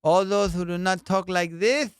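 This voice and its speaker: A man's voice: sits high, normal speed, clean tone, no room sound, studio quality, natural voice. A man voicing a pompous old-time king who proclaims his orders grandly. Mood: proclaiming.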